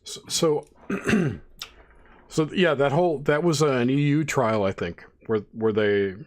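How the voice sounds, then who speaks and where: A man's voice: medium pitch, slow. A man hosting an interview, speaking hesitantly and unsure of his own recall. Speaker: host. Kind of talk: casual interview talk.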